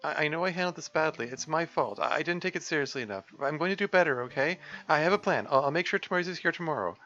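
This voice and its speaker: Male reader doing a high, bright stammering game schoolgirl, anxious and apologetic, over dull lo-fi audio and faint music. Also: expressive, quick pace. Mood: reassuring. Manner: stammering, self-blaming. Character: anxious cheerful teenage girl, apologetic.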